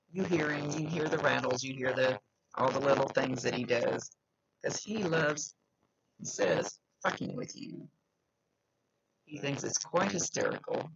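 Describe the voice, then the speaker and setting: A man speaking as a psychic medium, giving a chatty, emphatic reading straight to the viewer and relaying messages in quick asides. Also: mid-range voice, creaky, a bit bright, lo-fi sound. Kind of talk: direct-to-camera psychic reading.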